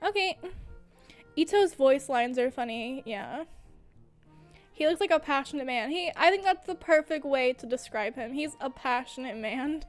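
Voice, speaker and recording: A woman's voice: high-pitched, expressive, normal speed, faint music behind. A young woman streaming, chatting casually with lots of fillers and frequent giggles as she gushes. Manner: giggly, laughs often mid-sentence; gushing, filler-heavy. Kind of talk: casual livestream chat.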